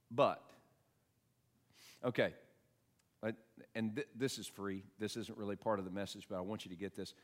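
A man preaching a sermon, moving between quiet asides and loud, emphatic passages, and reading scripture aloud slowly with heavy stress. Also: fairly low pitch, steady tone. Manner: reads scripture aloud with slow, stressed delivery. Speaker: pastor.

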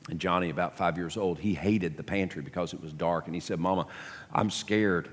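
A man's voice: deep voice, fairly even intonation, fast talker, in a large hall. A man preaching a sermon to his congregation, emphatic, often repeating words as he builds a point. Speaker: pastor. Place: church sanctuary.

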